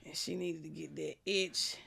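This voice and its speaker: A woman guest in casual chat, telling stories in an animated, profane way. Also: low-pitched, moderate pace, creaky, husky.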